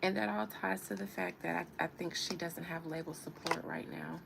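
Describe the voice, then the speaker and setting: A woman's voice: on the low side, steady tone, normal speed, vocal fry, heavy background noise. A woman giving a casual live-stream reading, chatting and teasing as she answers viewer comments. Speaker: tarot reader on a live stream.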